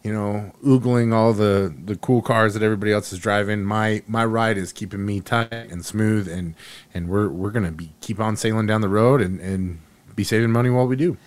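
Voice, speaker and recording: A man co-hosting a sports podcast, talking excitedly and firing off rhetorical questions. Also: on the low side, fairly quick. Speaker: podcast co-host. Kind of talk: animated sports opinion chat.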